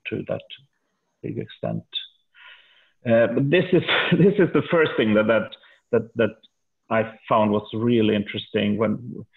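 A Swedish man, a native Swedish speaker, gives a survey presentation in a low, gravelly, husky voice. He halts often and repeats his words. The sound comes over a tinny, phone-like video call. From Sweden. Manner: halting, with many repeated words and fillers. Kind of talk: webinar presentation.

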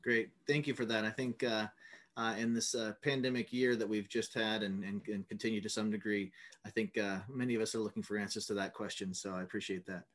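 A man's voice: lowish voice, steady tone, brisk, a bit bright. Hesitant male moderator reading questions. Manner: hesitant, many fillers.

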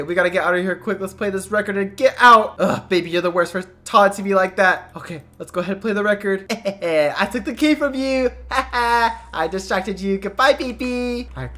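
A woman hosting a game video, narrating her play with excited, dramatic exclamations. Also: medium pitch, brisk, few pauses. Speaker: game video host and player.

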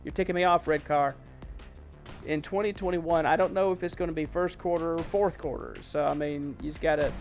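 A man hosting a gaming channel, giving excitable let's-play commentary full of exclamations and mild oaths. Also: high-pitched.

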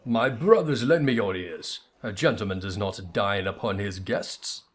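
A man voicing a pompous, befuddled gentleman inspector turned zombie, speaking in a grandiose, theatrical, old-fashioned way. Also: lowish voice, unhurried, close to an everyday voice.

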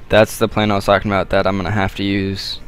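A man giving casual, rambling gaming commentary while he plays, joking and getting excited at the action. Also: lowish voice, fast talker, a little hiss or hum. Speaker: gameplay commentator.

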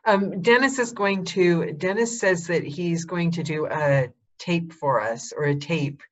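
A woman hosting a casual interview, chatty and enthusiastic, filling pauses with um. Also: lowish voice. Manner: chatty, enthusiastic, quick to laugh, fills with um. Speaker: host.

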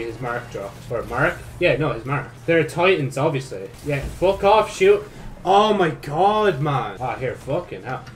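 A young man giving sweary gameplay commentary, dropping from low mutters to frustrated yells. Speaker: gaming YouTuber.

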